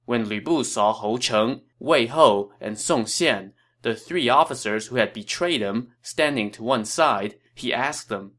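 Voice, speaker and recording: A man hosting a podcast, reading scripted historical narration in a steady, measured way. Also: medium pitch.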